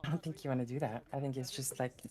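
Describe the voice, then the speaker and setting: A woman's voice: a bass voice, steady tone, quick pace, warm tone, faint music behind. A woman commentating live on a card game tournament, talking in a hesitant, filler-heavy way.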